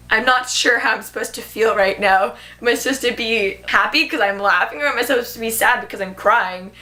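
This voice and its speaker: A woman's voice: fairly high pitch, bright, forceful tone. A young woman vlogger chatting casually about a movie she loved, gushing and filling her talk with "like". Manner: gushing, filler-heavy, many "like"s. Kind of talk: casual movie review chat.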